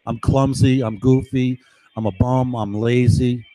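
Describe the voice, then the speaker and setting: Dark-toned and medium in pitch, this middle-aged New Yorker talks a little slowly with fairly even intonation. He meanders through a long monologue, frequently adding "right?" and "you know?", and mimics voices overheard in his story.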